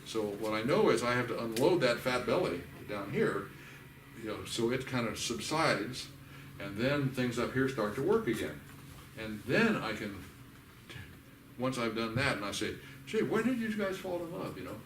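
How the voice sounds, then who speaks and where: An older man leading a church workshop. He teaches in a folksy, animated way and acts out the voices of the people he quotes. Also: medium pitch, normal speed, a little hiss or hum. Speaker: workshop leader. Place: church hall. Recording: echoey hall recorded from a distance.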